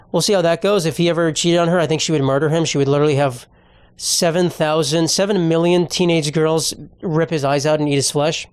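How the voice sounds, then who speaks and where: A man's voice: a little high, clear, resonant tone, no echo. A young man hosting a solo comedic podcast, rambling through stories in an offhand, profane way. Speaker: podcast host.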